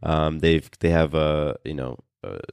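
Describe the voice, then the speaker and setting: A man's voice: gravelly, a little mellow, clear, resonant tone, no room sound, clean studio sound. A man co-hosting a podcast in casual, earnest chat, often restarting his sentences and reading a listener email aloud. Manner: earnest, speaks in halting restarts; calls his own voice bassy today. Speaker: podcast co-host.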